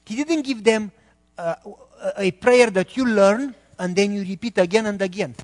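Middle-aged male pastor, high voice, emphatic sermon delivery, long hall reverb. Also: moderate pace. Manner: emphatic, quizzes the congregation with questions.

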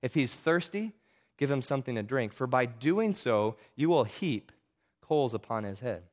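A man voicing a calm, gently joking father in a story he reads aloud during a sermon. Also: medium pitch, normal speed, lightly acted. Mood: gentle. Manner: calm, teasing.

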